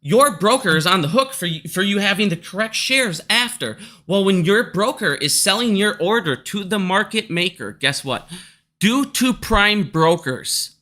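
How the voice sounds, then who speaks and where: A man delivers a heated, profane market rant straight at his audience. His voice sits high and has a bright, sharp edge. He argues hard and swears constantly without letting up. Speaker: stock market commentator. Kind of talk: angry ranting vlog.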